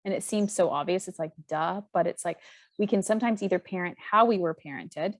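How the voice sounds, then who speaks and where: Woman, podcast guest, lowish voice, casual chat, thinking aloud. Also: a little fast, no room sound, clean studio sound.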